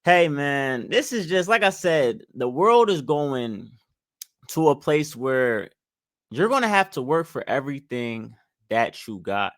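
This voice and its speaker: A young finance commentator with a mid-range, very animated voice speaks slowly straight to camera, giving blunt, preachy money advice. He hammers his opinions with repeated phrases. The sound is studio quality with no room sound.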